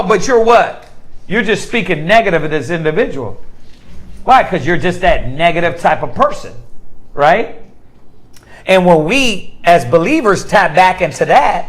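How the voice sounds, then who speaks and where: A man's voice: sits high, measured pace, fairly bright tone, rough recording. A man leading an interactive Bible class, quizzing his students with call-and-response questions and acting out everyday examples. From United States.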